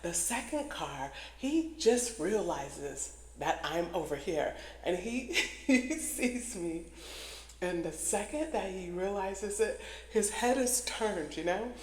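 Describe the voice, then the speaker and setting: A woman telling stories in a casual vlog monologue, animated, often laughing and swearing. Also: medium pitch, slow. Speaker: vlogger. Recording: echoey room with long reverb.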